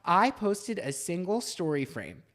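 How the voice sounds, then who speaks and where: A man hosting a podcast, telling a story in an animated rant and swearing freely in casual chat. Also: high-pitched, unhurried. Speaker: podcast host.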